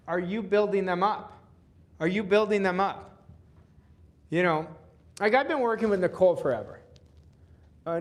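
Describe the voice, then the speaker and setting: A man with a notably high voice addresses a seminar crowd from an event stage. He talks in an earnest coaching manner and repeats his key points for emphasis. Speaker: business coach leading a live workshop. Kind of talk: motivational seminar talk.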